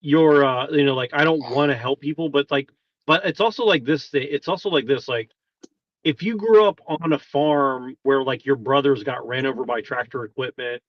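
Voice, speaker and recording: A man's voice: mid-range voice, normal speed, no room sound. Hesitant man, dull lo-fi sound. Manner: hesitant, thoughtful, with many restarts. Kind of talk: casual reflective chat.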